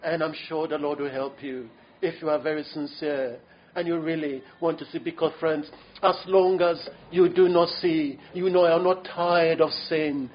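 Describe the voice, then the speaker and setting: Male preacher, high voice, pleading and earnest, slightly dull lo-fi recording. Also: steady tone, moderate pace. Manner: earnest, pleading, with frequent restarts and fillers. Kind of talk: sermon. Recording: muffled lo-fi sermon recording.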